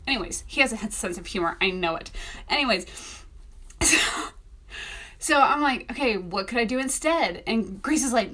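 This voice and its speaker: A young woman telling a story in a casual vlog, animated and acting out the voices she quotes. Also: a little high. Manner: animated, acts out quoted voices, laughs often. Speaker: author vlogger.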